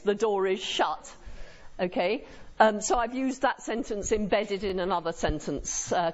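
A woman lecturer giving a university lecture to a live audience in a lecture room, engaging them with frequent tag questions. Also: mid-range voice. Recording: muffled lo-fi lecture recording.

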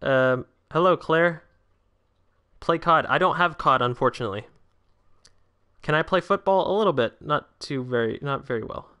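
A nineteen-year-old guy hosts a laid-back livestream, chatting with viewers and reading their comments out loud. His voice sits on the high side with a clean tone, moving at a normal speed with frequent pauses. He's talkative, responds to chat, and gets suddenly excited when a big chance comes up.

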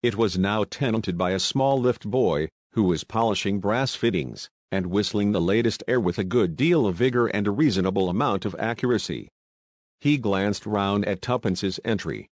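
Low-voiced man reading a novel. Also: no echo. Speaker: audiobook narrator. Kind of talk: scripted audiobook narration.

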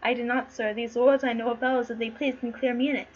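A woman reading the part of a loyal, grave older lord in an amateur play read-through, speaking in a hushed, solemn way. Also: a little high, level tone, quick pace, pitched below the performer's own voice, natural voice. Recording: slightly muffled with faint noise.

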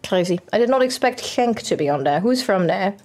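A young woman, streaming a football manager game and chatting excitedly at it. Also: mid-range voice, fairly quick. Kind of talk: casual game commentary.

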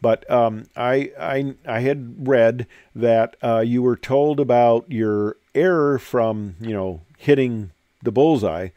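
An older man, once a military pilot, gives a slide presentation full of rambling anecdotes and frequent filler words. His voice is medium-pitched and slow, recorded dry with the high frequencies cut off.

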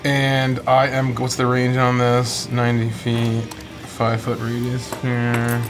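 Slow hesitant man thinking aloud. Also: mid-range voice, monotone, over music. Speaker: player. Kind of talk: casual tabletop play.

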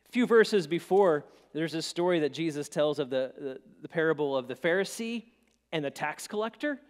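A male pastor delivering a sermon with a fairly high-pitched voice, moving between quiet, intimate passages and forceful emphatic ones. He often restarts phrases with repeated words, and a long church-hall reverb hangs behind him. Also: animated, moderate pace. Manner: swings from hushed to emphatic, stammering restarts. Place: church sanctuary.

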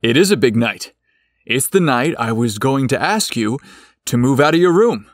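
A man's voice: medium pitch, sing-song, normal speed, no echo, studio quality. A man voicing a confident teasing young man.

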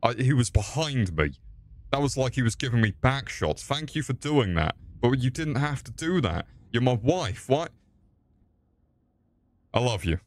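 A man's voice: mid-range voice, very animated, a little slow, no echo. A young man swearing and mocking himself while streaming a game. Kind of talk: crude live-stream commentary.

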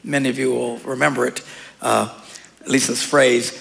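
A man preaching in a church hall, his voice gravelly with a slightly high pitch. He talks casually and jokes with frequent chuckles, and the sound carries a long hall reverb. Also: normal speed, a bit bright. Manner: casual, joking, laughs often. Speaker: pastor. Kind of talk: sermon.

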